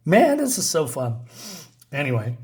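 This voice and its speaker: Male comic reviewer, a higher voice, casual and amused, rambling chatter. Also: huge pitch swings, a little slow, darkish tone. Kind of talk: casual comic review, reading panels aloud.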